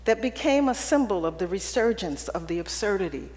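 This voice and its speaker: A woman's voice: mid-range voice, expressive, brisk, darkish tone, slight background noise. A woman giving a keynote speech to an audience, telling personal stories with humor in a conversational way. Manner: humorous, conversational, often checking in with "right?". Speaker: keynote speaker. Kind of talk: public speech with personal storytelling. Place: event hall with an audience. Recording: long hall reverb.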